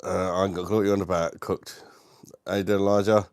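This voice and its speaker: A British man hosts a casual livestream from his dining room, greeting viewers and chatting in a laid-back way. His low, slightly mellow, smooth voice moves quickly with a flat delivery, recorded dry with clean studio sound. He laughs often and says "mate" a lot.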